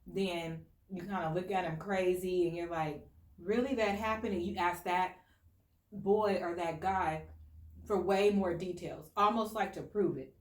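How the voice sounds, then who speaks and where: A woman's voice: fairly low pitch, steady tone, unhurried, a little mellow. An American woman hosting a casual discussion, talking earnestly and with strong opinions, with many "like" fillers. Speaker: host. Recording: echoey room.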